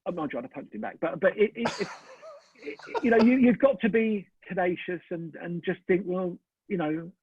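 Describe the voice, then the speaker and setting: A middle-aged man, a photographer, telling a story in an animated way and acting out both sides of the conversation. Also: high-pitched, moderate pace. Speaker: photographer, interview guest. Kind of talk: casual anecdote in an interview. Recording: dry, tinny phone-like call audio.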